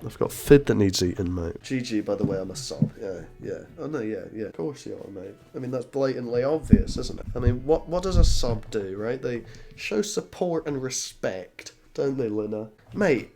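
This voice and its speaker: A man's voice: medium pitch, noisy background. Sarcastic gaming YouTuber man. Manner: sarcastic, mocking, uses "mate" constantly. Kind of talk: gameplay commentary and trash talk.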